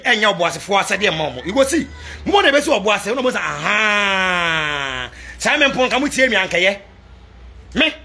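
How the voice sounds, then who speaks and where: A Ghanaian man delivering a fiery vlog rant to supporters, switching between Twi and English and breaking into shouts. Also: extremely high pitch. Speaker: political commentator addressing supporters abroad.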